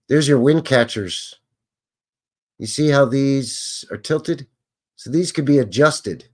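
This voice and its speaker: A man's voice: mid-range voice, slow pace, long pauses. A man hosting a live show, chatting casually and joking as he reacts to what he is looking at. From Canada. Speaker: host. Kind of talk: casual live commentary on old photos.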